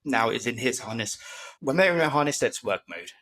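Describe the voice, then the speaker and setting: A man's voice: medium pitch, expressive, a little fast, fairly bright tone. A man, a guest on a podcast, chatting casually and acting out voices in his stories. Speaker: podcast guest, disability campaigner. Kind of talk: casual storytelling chat.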